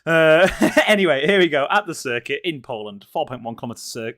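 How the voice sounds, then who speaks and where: A man's voice: a little high, animated, brisk, fairly bright tone. A man with a Yorkshire accent commentating a sim racing league, chatty and joking. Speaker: race commentator. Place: commentary box.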